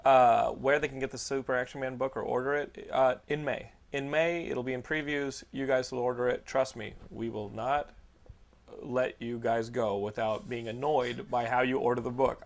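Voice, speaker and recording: A man's voice: mid-range voice, gravelly. A man hosting a casual podcast chat, joking around, laughing often and tripping over his words as he restarts sentences. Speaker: podcast host.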